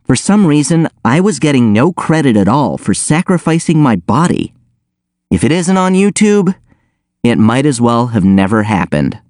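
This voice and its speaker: A man reading a first-person audiobook in a wry, deadpan manner. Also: medium pitch, moderate pace, no echo, clean studio sound. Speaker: audiobook narrator.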